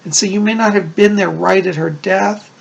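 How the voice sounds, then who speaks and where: A man's voice: high voice, steady tone, normal speed, gravelly, husky, muffled recording. A man working as a psychic medium, doing a casual video reading, chatty and reassuring, often checking in with "okay?".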